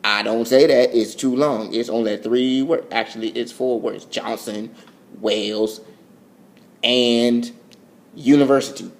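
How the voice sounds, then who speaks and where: A man's voice: mid-range voice, fairly even intonation, measured pace. A young man, rambling goofily in an overtired late-night vlog, his voice swooping up and down. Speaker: vlogger. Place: at home, filming on a phone.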